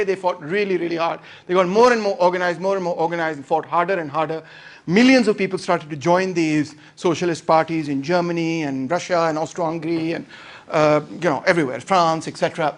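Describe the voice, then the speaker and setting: A man talks through history in a loose, lecturing way, dry and sarcastic. His voice sits high and the words come quickly, mixing English with Hindi-Urdu. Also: fairly bright tone. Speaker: lecturer on a book. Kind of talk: casual talk lecture.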